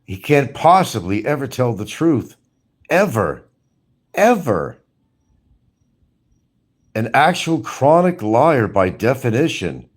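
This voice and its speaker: A man's voice: medium pitch, big pitch swings, slow, pauses often, breathy edge. A man ranting angrily in commentary, swearing often and firing scolding rhetorical questions. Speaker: commentary streamer.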